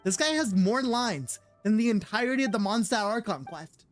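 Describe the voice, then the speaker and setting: A man's voice: high-pitched, animated, normal speed, hardly any pauses, fairly bright tone, soft background music. A man streaming a game as a VTuber, chatting casually, exasperated and stumbling over words.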